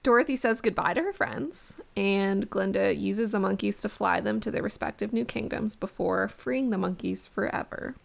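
Woman co-host with a gravelly, fry-heavy voice, relaxed plot-recap delivery. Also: medium pitch, moderate pace, hardly any pauses. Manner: relaxed, summarizes plot, brief agreeing replies. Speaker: podcast co-host. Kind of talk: casual book-discussion chat.

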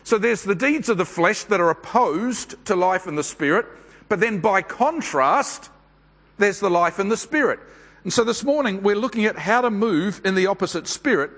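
High-voiced male preacher, echoing hall. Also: lively intonation, a bit bright. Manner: measured, unhurried delivery with frequent pauses and fillers. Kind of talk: sermon. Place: church service.

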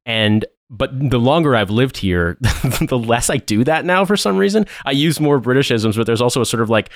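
A man's voice: medium pitch, animated, dry recording, studio quality. An American man hosting a podcast, telling stories in casual chat and laughing along. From United States. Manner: fast, rambling storyteller with laughs. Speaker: podcast host.

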